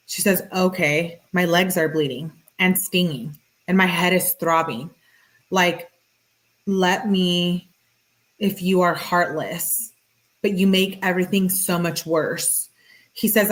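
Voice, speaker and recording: A woman's voice: on the low side, a bit bright. A woman reading text messages aloud and reacting to them in a casual, slangy way with sarcastic asides. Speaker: true-crime commentator.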